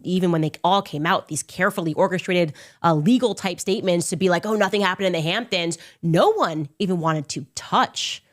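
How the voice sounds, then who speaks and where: A woman hosts her own commentary show and talks through it in an emphatic, combative way. She is often sarcastic and mocks her opponents by doing their voices higher than her own. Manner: sarcastic, mocking impressions in a high voice. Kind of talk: opinionated commentary monologue.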